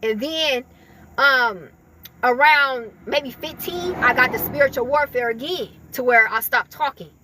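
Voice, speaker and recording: A woman gives her viewers a casual spiritual reading, rambling loosely with lots of fillers and laughter. She speaks high-pitched and unhurried, with a noisy background behind her.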